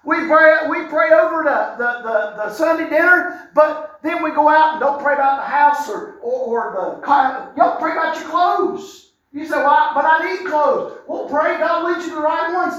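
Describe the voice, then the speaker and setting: A middle-aged man preaching a sermon as a pastor, folksy and animated, with wry asides. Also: very high voice, normal speed, hardly any pauses, dull audio. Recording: echoey room sound.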